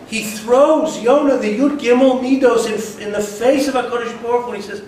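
High-voiced man teaching Bible text, echoey room. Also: fairly even intonation, normal speed, hardly any pauses, darkish tone, a little hiss or hum. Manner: explains Hebrew verses in English, rising emphatically when voicing the prophet. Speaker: Torah teacher. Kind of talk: text-based Bible class. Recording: distant mic in an echoey room.

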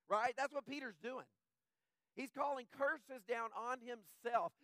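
A male pastor preaching a conversational sermon, often checking in with "right?" and dropping soft and low in tender moments. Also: measured pace, no room sound.

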